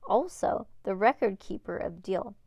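A woman's voice: mid-range voice, lively intonation, measured pace, vocal fry, darkish tone, breathy edge, dry recording, heavily acted. Woman voicing a curious schoolboy explaining at length, storybook read-aloud, dry. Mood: eager. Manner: eager, explains things at length. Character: curious, talkative schoolboy puzzle solver.

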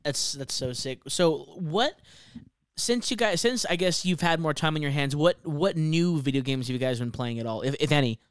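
Young man, casual chat, halting friendly questions, smooth clear voice, dry recording. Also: on the high side, animated, no echo.

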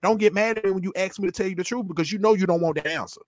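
A man's voice: high-pitched, rapid-fire, no room sound. A man, a podcast guest talking in an emphatic, preachy way and often repeating himself. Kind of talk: opinionated casual talk.

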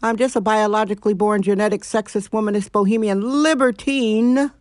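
A woman's voice: medium pitch, steady tone, a little fast, darkish tone, no room sound, clean studio sound. A middle-aged woman hosting her own show, ranting bluntly and sarcastically at home. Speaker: podcast host. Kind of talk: opinionated solo monologue.

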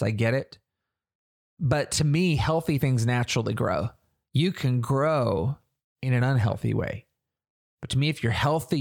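A man hosting a faith-based leadership podcast, talking earnestly and conversationally and asking the listener searching questions. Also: mid-range voice. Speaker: church leader podcast host. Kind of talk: reflective podcast teaching.

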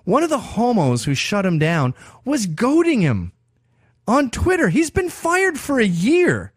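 A man's voice: very high voice, wildly swooping pitch, measured pace, husky, dry recording, studio quality. Sarcastic, profane man ranting on a podcast. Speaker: podcast host. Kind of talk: opinion monologue.

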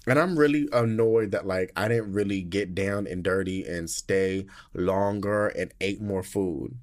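Recounting his trip in a relaxed solo chat, this young American podcast host is sassy and lively, cursing often and stretching out words as he gushes. His voice sits low.

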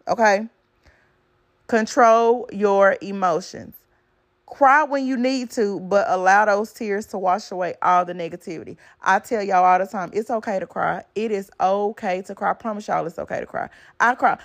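A woman's voice: medium pitch, fairly bright tone. Blunt woman preaching self-worth, casually. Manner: blunt, preachy, repeats points with "okay?". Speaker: podcast host. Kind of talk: casual motivational talk.

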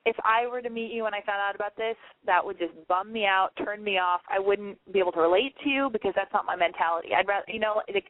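A woman's voice: medium pitch, fast, hardly any pauses, no echo. A woman hosting a call-in show, chatting in a rambling, blunt, casual way. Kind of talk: casual call-in advice and banter. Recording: tinny phone-like line, dry.

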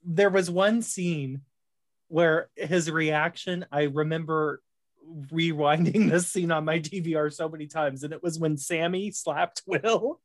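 A man's voice: a little high, steady tone, a little slow. A man hosting a casual podcast chat, laughing often and moving things along with questions for his co-hosts. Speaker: podcast host.

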